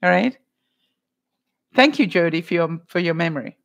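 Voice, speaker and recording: A woman's voice: fairly low pitch, lively intonation, normal speed, creaky, lo-fi sound. A middle-aged woman hosting a live stream, chatting casually with viewers in a rambling way, with frequent laughs and many fillers. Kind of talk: casual chat reading viewer comments.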